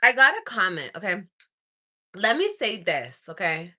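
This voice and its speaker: Animated, gossipy young woman vlogger. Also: medium pitch, moderate pace. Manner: gossipy, animated, swears, laughs and sighs a lot. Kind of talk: casual chat to camera. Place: home at night.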